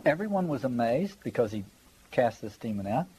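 A man's voice: mid-range voice, big pitch swings, normal speed, a little mellow, a little hiss or hum, low-quality recording. A man giving a conversational Bible study lecture, reading passages aloud and stressing his points while checking in with his listeners. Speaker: Bible teacher.

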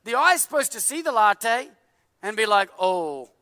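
A man in his thirties preaching a sermon in a church, animated and joking, full of filler words. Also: very high voice, moderate pace, no room sound, in a large hall. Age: 30s. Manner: animated, jokey, many filler likes. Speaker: pastor.

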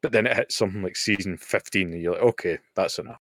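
A man in his thirties from the UK with a very low voice, co-hosting a podcast. He speaks bluntly, swears freely and adds dry humour, and the sound is close and dry. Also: quick pace, a bit bright, no room sound. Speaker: podcast co-host. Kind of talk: casual chat. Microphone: remote call mic.

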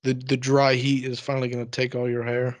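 Deadpan male co-host, monotone ribbing, dry close sound. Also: medium pitch, fairly quick, no echo. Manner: deadpan teasing, swearing. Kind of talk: casual chat.

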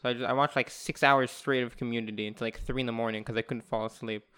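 A man's voice: medium pitch, steady tone, quick pace, pushed and bright, clear, resonant tone. A young man co-hosting a casual podcast, wry and joking with loose fillers. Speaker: podcast co-host.

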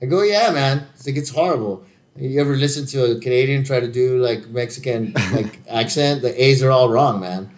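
A man's voice: medium pitch, brisk, slight background noise. A man from the United States, an actor, chatting casually and telling stories, laughing often, swearing, and acting out other people's lines. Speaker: actor, guest. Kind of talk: casual chat, storytelling.

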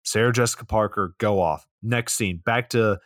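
Man, low voice, dry close sound, casual podcast movie recap, offhand swearing. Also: a bit bright, dry recording. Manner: fast plot summarizing, swears casually. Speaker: podcast co-host.

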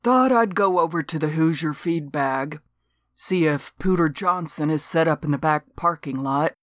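A woman's voice: sits low, normal speed, dry recording, studio quality, lightly acted. A woman reading the part of a blunt, weary small-town male police officer in an audiobook. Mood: exasperated.

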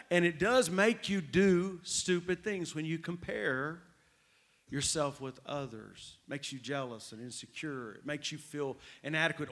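A male pastor preaches with energy and keeps checking in with his listeners. His voice sits a bit higher than most men's. He repeats his main points for emphasis. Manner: animated, repetitive preaching with call-outs to the crowd. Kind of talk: sermon.

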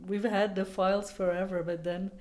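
A woman with a mellow, warm voice co-hosting a relaxed podcast. She talks in a chatty, easygoing way and laughs easily. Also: mid-range voice, normal speed. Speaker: podcast co-host and author. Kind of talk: casual chat.

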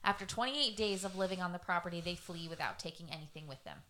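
A woman's voice: fairly low pitch, fast, bright, forceful tone. A young woman co-hosting a true-crime podcast, chatty and loose, with many fillers. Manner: chatty, lots of fillers and laughs. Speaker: podcast co-host. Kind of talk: casual true-crime chat.

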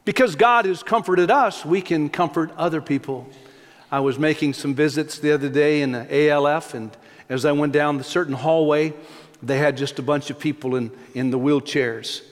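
A man's voice: fairly high pitch, normal speed. A middle-aged male pastor preaching a sermon, telling stories in a folksy way and often repeating words as he restarts. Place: church sanctuary. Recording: long hall reverb.

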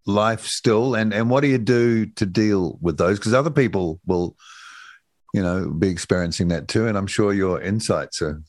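NZ-accented male interviewer, lowish voice, gentle questions, dry sound. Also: normal speed, no echo. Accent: New Zealand. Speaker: host.

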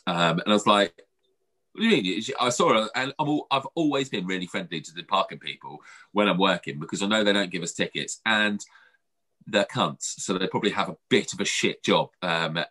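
A man's voice: low voice, a little fast, pushed and bright. A British man, a podcast co-host, telling a story in casual chat, swearing freely and acting out the other voices.

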